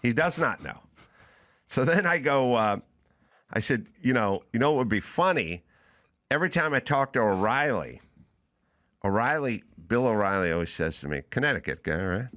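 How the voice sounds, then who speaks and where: A man who hosts a talk show and works as a comedian, telling a story in a casual, animated way and acting out both sides of a phone call. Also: mid-range voice, normal speed. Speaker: podcast host.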